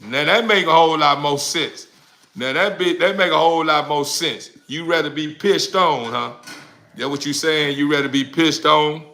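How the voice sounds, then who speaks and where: A man's voice: fairly high pitch, moderate pace, pushed and bright. A man in his forties ranting profanely to a live chat, rambling and repeating the same questions in crude slang. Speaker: livestreamer.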